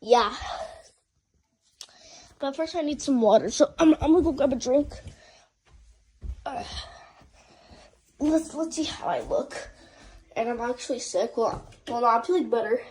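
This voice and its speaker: A young woman talks casually to the camera and to her cat, playful and rambling. She often stumbles and restarts her sentences. Her voice sits high for a woman. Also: a little slow, pauses often, a little mellow, breathy edge, rough recording. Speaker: vlogger. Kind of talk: casual vlog chatter.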